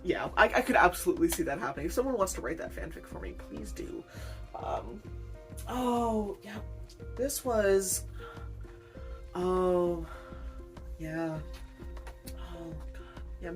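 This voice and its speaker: Low-voiced woman rambling casually. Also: expressive, slow pace, long pauses, soft background music. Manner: chatty, rambling, self-deprecating, laughs often. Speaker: weaver, channel host. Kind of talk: rambling casual unboxing vlog.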